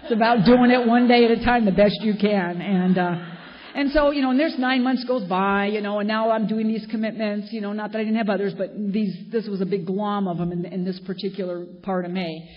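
At a recovery meeting, an older woman from Southern California shares a frank, wryly humorous story with the audience. Her mid-range voice is steady and fairly quick, captured in an echoing hall with muffled lo-fi quality and slight noise.

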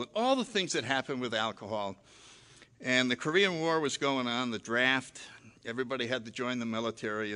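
An older man tells his own story from a stage, his voice bright and forceful. He is animated and self-mocking, and he replays his own past lines in his storytelling. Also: mid-range voice. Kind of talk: personal storytelling talk.

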